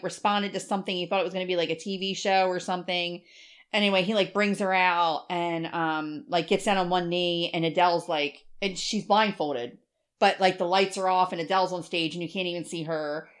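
A middle-aged woman co-hosting a podcast, telling an animated story in casual chat, swearing freely and acting out other people's voices. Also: fairly low pitch, moderate pace. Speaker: podcast co-host.

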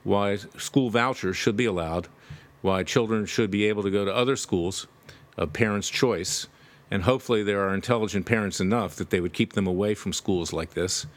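A man's voice: on the low side, normal speed. A man delivering emphatic, indignant political commentary straight to his audience. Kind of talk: direct-to-camera political commentary.

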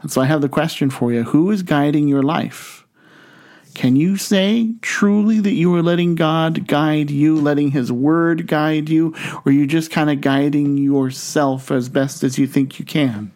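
A man preaching a sermon, reading scripture in a measured, deliberate way. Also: fairly high pitch, fairly even intonation, a little mellow. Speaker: pastor.

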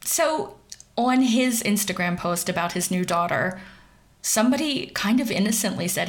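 A woman's voice: medium pitch, animated, normal speed. A young woman from central Pennsylvania giving sarcastic, wry commentary on celebrity gossip.

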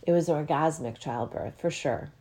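A woman speaking to her listeners as a spiritual teacher, gentle and meandering, often moved and full of fillers. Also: low-pitched, moderate pace, breathy edge. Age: adult with a child. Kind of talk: heartfelt solo talk to listeners.

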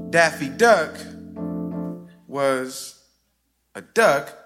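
A man performing a personal story live on stage, with a rhythmic, theatrical delivery that swings sharply in pitch and loudness. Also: expressive, drawn-out words, pauses often. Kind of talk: live spoken-word storytelling. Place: stage before a live audience. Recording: live stage recording with music bed underneath.

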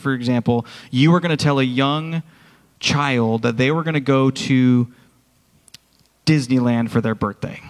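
A man's voice: mid-range voice, long reverb tail. A man preaching a sermon as worship pastor, speaking earnestly and directly to his congregation in a church. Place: church sanctuary.

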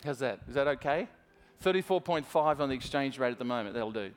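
A man's voice: mid-range voice, animated, fast, big-room sound, faint music behind. An Australian man preaching a sermon in a church, telling a story in a chatty way and talking straight to the congregation. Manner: chatty, restarts often, speaks straight to the congregation.

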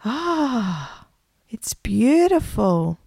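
A woman voicing a timid young boy who frets anxiously about the dark. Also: medium pitch, animated, moderate pace, gravelly, dry recording, clean studio sound. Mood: startled. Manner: anxious and fretful.

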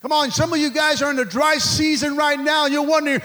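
A man's voice: extremely high pitch, fairly even intonation, quick pace, few pauses, bright, forceful tone. A man preaching a fervent sermon to a church, peppering it with calls of amen and stumbling restarts. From Mexico. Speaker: pastor.

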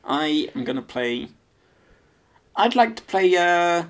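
A man co-hosting a podcast, his voice sitting a little high with a gravelly fry. He teases his co-host, laughs often and stumbles into restarts. The tone stays loose and casual. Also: animated, slow pace. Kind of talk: casual chat.

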